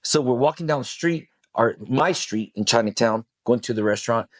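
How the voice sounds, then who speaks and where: A middle-aged man, a podcast guest, telling a personal story in casual talk, swearing freely and acting out what people said in a raised, animated voice. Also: mid-range voice, fairly quick, no echo, clean studio sound. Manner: animated, swears, acts out quoted lines in a raised voice.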